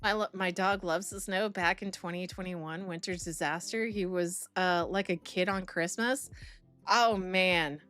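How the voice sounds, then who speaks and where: A woman's voice: fairly low pitch, fairly even intonation, measured pace, fairly bright tone, faint music behind. Chatty, rambling young woman streamer. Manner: rambling, chatty, laughs often. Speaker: streamer reacting to videos and reading chat. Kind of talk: casual live-stream chat.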